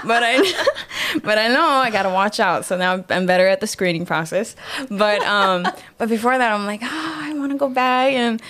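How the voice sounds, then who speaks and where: A young woman guest telling a personal story in a casual interview, lively, acting out the voices she quotes and leaning on filler words. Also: mid-range voice, moderate pace, hardly any pauses. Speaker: guest, singer-songwriter.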